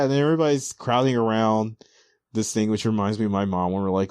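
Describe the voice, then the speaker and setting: A young man hosting a casual podcast, animatedly recapping manga and acting out the characters' lines in quick voices. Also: fairly low pitch, darkish tone, no room sound, clean studio sound. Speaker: podcast host.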